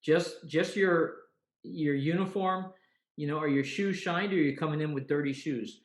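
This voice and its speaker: A man's voice: a little high, moderate pace. A man hosting a casual chat, agreeable and chiming in with short remarks. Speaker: podcast host. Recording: roomy echo.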